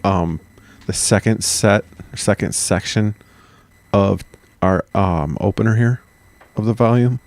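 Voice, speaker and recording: A man's voice: lowish voice, takes it slowly, a little mellow, no echo. A man co-hosting a history podcast in a jokey way, swearing freely and laughing often. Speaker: podcast co-host. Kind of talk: casual history podcast chat.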